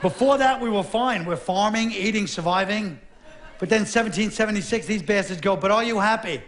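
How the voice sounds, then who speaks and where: A middle-aged man does stand-up on a stage mic, sardonic and blunt, with gruff quick asides. His voice sits fairly high for a man. A faint hiss of noise runs under the recording. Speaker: stand-up comedian. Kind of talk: stand-up comedy monologue. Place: theater stage with a live audience. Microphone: stage microphone.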